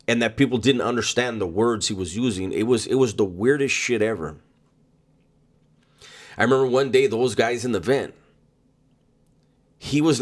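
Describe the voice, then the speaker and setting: A man casually recounting a personal story, halting often with ums and repeated words in an unhurried, conversational delivery. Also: mid-range voice. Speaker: storyteller recounting prison experiences.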